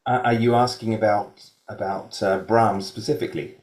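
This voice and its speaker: Low-voiced man in an echoey room. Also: fairly even intonation, normal speed, a little mellow. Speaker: string quartet performer. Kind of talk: academic discussion.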